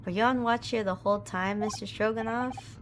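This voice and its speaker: A woman's voice: mid-range voice, fairly even intonation, brisk, close to an everyday voice. A woman voicing a polite, earnest young male lawyer asking careful questions, over background noise.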